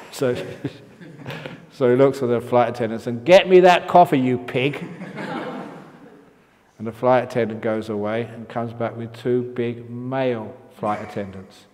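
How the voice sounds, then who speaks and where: Joking older monk in an echoing hall. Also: male voice, medium pitch, fairly even intonation, takes it slowly, pauses often, a little mellow. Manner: joking storyteller, occasional coughs. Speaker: Buddhist monk teacher. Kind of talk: humorous dharma talk. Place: meditation hall at a retreat. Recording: long hall reverb.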